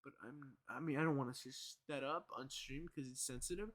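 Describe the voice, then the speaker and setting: A man's voice: mid-range voice, a little fast. A young man streaming casual reaction commentary, rambling with many fillers and the odd swear word.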